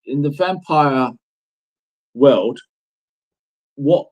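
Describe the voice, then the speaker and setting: A middle-aged man speaks as an interview guest, telling stories in a loose, rambling way. He leans hard on words and swears casually. His voice sits at a middling pitch. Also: drawn-out words, dull audio. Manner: rambling, emphatic, swears freely.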